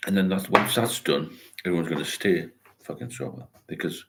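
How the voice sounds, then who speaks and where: On his sobriety livestream, an older man rambles in a casual chat, reading viewer comments aloud and answering them supportively. His voice is low and moderately paced, with heavy background noise.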